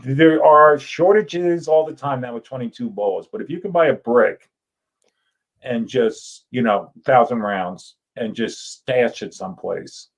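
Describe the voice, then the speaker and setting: An older man tells stories on a talk show. He is animated and slips into other people's voices as he goes. His pitch sits in an ordinary middle range. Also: a little slow, dull audio. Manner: animated, acts out voices in anecdotes. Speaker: author and guest. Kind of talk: casual storytelling.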